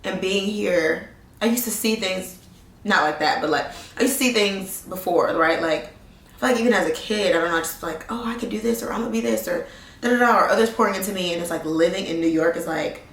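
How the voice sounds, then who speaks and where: A woman's voice: on the low side, a little fast. Earnest woman in her thirties, roomy. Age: 30s. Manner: earnest, reflective, rambling with restarts. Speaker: vlogger. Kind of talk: casual life-update vlog. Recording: roomy sound, distant mic.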